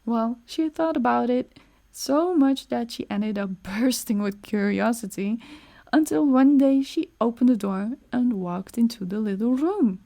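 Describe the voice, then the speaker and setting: A woman narrates a dark fairytale as a soothing bedtime story. Her voice is soft, slightly higher-pitched and mellow, and she speaks very slowly. The delivery stays gentle throughout. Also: creaky.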